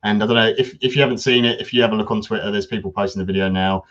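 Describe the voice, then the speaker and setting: Low-voiced guy co-hosting a football podcast, laid back with lots of ums, sound kinda dull and lo-fi. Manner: relaxed, many ums, measured opinions. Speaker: podcast co-host. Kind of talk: casual football chat.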